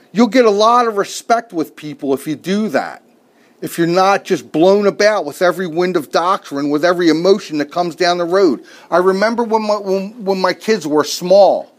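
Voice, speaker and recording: A middle-aged man preaching a sermon, telling a family story with folksy jokes and asides. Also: a little high.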